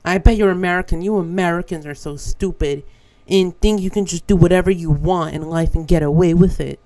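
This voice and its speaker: A grumpy old Englishman sneering insults at a stranger, as a young streamer from Brazil quotes him in a fairly high voice. He sounds contemptuous and rude. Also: a little fast, a little mellow, no echo.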